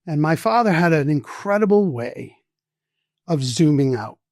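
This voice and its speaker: Man, 60s, podcast guest: slightly high voice, dry close sound, animated storyteller. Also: measured pace, no echo. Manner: animated, profane anecdotes with quoted voices. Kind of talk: storytelling in casual conversation.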